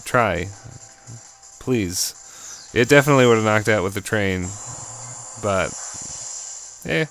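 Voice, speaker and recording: Low, smooth-voiced excitable game commentator. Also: male voice, slow, long pauses, faint music behind. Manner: excitable, chatty, jokey. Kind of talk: casual battle commentary.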